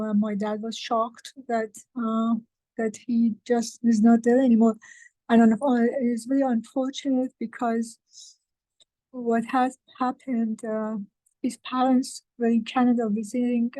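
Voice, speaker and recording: Woman, meeting participant, emotional and halting, somewhat high, mellow voice. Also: flat delivery, dry recording, low-quality recording. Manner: halting, emotional, many fillers and restarts. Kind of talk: casual group-meeting talk.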